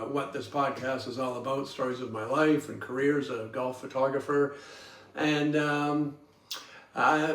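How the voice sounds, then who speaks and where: A man, hosting a podcast and telling folksy, rambling stories with chuckles and fillers. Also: medium pitch. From Toronto, Canada. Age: 70s. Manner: folksy, chuckling, lots of ums and uhs. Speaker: podcast host. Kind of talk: rambling personal storytelling. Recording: roomy sound from a distant mic, faint guitar music.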